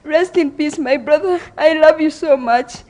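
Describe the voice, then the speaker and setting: High-voiced grieving woman. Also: heavy background noise. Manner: emotional, halting, voice breaking at times. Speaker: sister giving a eulogy. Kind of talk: funeral eulogy.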